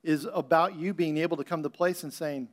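A man's voice: a little high, steady tone, brisk. Male pastor preaching. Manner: conversational preaching, acts out Bible scenes with playful voices. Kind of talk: sermon.

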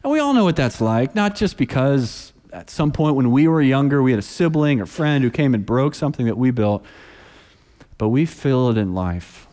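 A man's voice: medium pitch, normal speed, big-room sound. A man in his thirties preaching a sermon, telling stories and acting out the people in them. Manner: storytelling, animated voices for quoted people. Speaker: pastor.

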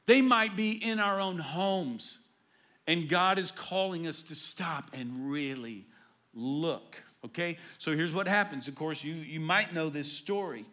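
A man, a pastor preaching a sermon, telling stories and swinging between loud emphasis and hushed asides. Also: a little high, unhurried.

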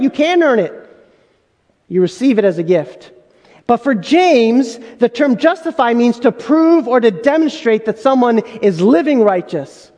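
Male pastor with a very high voice and an emphatic sermon delivery, recorded in a big reverberant hall. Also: darkish tone. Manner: emphatic, full of rhetorical questions.

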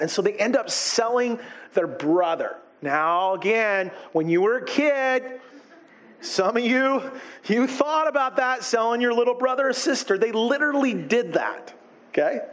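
A man preaching a sermon in an animated way, acting out the people he quotes. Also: extremely high pitch, a little slow. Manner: animated, acts out quoted characters. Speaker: pastor.

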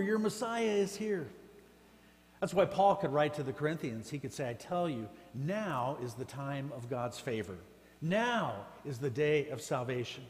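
A man preaching a sermon as pastor, with emphatic, rising exclamations. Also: medium pitch. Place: church sanctuary. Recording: church hall reverb with faint hum.

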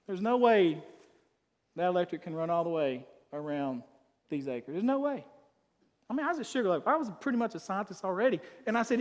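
A man preaching a sermon as pastor, emphatic, swinging between loud declarations and quiet asides. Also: high-pitched, lively intonation, fairly quick, long reverb tail.

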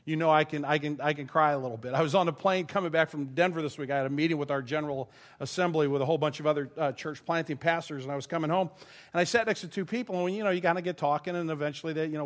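A man, a pastor, preaching a sermon in an earnest, emotional way, laughing at times and quick to choke up. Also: on the high side. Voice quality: voice goes thin and quiet when choked up.

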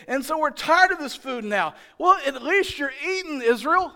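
A male pastor delivering a lively sermon in a strikingly high voice for a man. He jokes and teases the congregation, then climbs into loud, emphatic shouts to drive each point home. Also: moderate pace. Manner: animated, joking, playfully exasperated.

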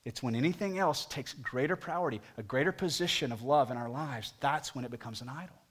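A pastor preaching a sermon, talking conversationally and putting direct questions to the congregation, his voice climbing higher and louder at emphatic moments. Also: fairly quick, breathy edge. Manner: rises in pitch and volume at emphatic points.

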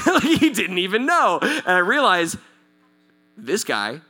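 A male pastor in his thirties from Southern California, telling a story in a sermon, animated and acting out the voices of the people in it. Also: high-pitched, slow pace. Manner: animated, acts out quoted voices, checks in with the audience.

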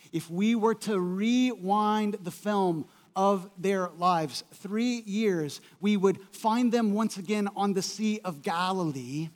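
Male pastor, high voice, lively storytelling sermon, big hall echo. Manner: animated storytelling, acting out quotes, conversational asides. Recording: long hall reverb.

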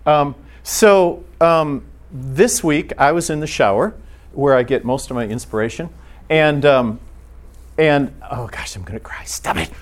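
A man teaching a church class in an earnest, halting way, restarting his sentences often. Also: on the high side.

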